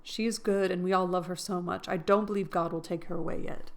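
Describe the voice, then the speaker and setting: A woman puts on a kindly, mischievous young man from a storybook. He talks quick and eager in a mid-pitched, slightly gravelly voice. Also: steady tone.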